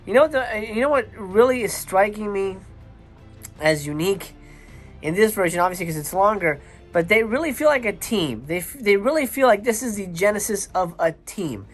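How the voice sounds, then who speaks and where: A man's voice: high voice, very animated, normal speed. Male host, late-night movie commentary: tired but gushing, lots of restarts, faint music underneath. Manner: enthusiastic, rambling with restarts. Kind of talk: casual watch-along commentary.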